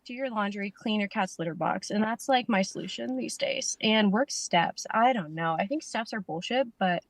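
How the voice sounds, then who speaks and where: A woman's voice: medium pitch, moderate pace, no echo. Rambling joking woman in a parked car. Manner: rambling, self-deprecating, joking. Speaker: meeting participant sharing. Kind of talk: casual recovery meeting share. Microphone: video call.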